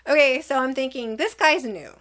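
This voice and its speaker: A middle-aged woman with a somewhat high voice tells a personal story in a casual storytime vlog. She is animated, and she acts out both sides of an argument in quick reported dialogue. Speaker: vlogger telling a personal story.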